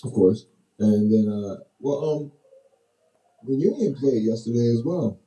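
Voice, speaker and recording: A man co-hosts a casual radio show with a very dark, mellow voice that swings up and down a lot as he chats. He fills his talk with ums and uhs, and his voice rings with the echo of a small studio. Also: medium pitch, unhurried. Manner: lively, chatty, laughs often, fillers like uh and um. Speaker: radio co-host doing sports.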